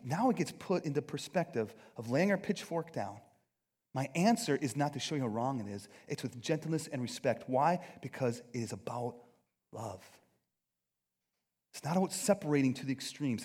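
A man's voice: mid-range voice, darkish tone, slightly rough. A man preaching a sermon in an earnest, conversational and self-deprecating way. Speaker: pastor.

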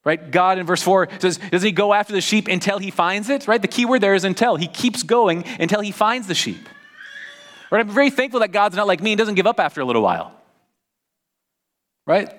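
A man's voice: sits high, animated, brisk, fairly bright tone. Chatty man preaching a casual sermon. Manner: chatty, peppers talk with "right?" and "like". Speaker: pastor. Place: church service.

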